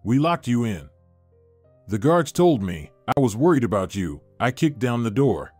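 A man's voice: medium pitch, sing-song, moderate pace, a little mellow, no room sound, faint music behind. A man reading the part of a worried young man who babbles reassurances.

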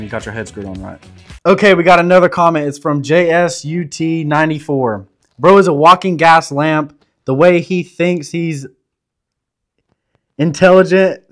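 A man's voice: medium pitch, a bit bright. Brash Southern man reading comments. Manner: brash, crude, joking bravado. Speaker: show guest reading comments.

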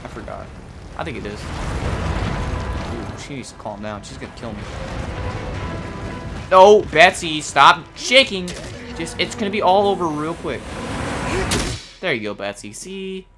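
A man's voice: on the high side, sing-song, unhurried, long pauses. A man giving casual, playful gameplay commentary, swearing and joking as he talks to the creatures on screen. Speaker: let's play gamer. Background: game music.

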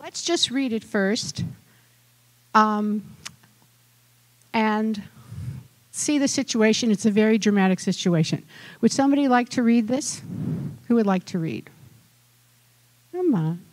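A woman's voice: a little high, a little slow, long pauses, darkish tone. A woman rabbi teaching a Torah portion in an informal, conversational way, coaxing the group to take part.

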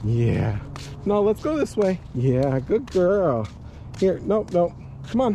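A man's voice: sing-song, measured pace, warm tone, slight background noise. A man talking casually to an action camera while out walking his dog, at times out of breath. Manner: high sing-song baby talk to his dog. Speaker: vlogger. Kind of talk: casual daily vlog. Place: outdoors on a hot walk, then in a car. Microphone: handheld action camera.

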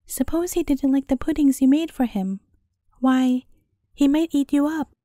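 A woman's voice: high voice, moderate pace, dark tone, no room sound, studio quality, lightly acted. A woman voicing a grieving old peasant woman in a storybook tale, telling her woes in a lamenting, pleading way.

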